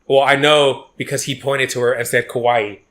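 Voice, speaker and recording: Male podcast co-host, rambling storyteller, curses freely, bright tone. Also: medium pitch, level tone, moderate pace. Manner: rambling, profane, many restarts. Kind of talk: casual chat, storytelling.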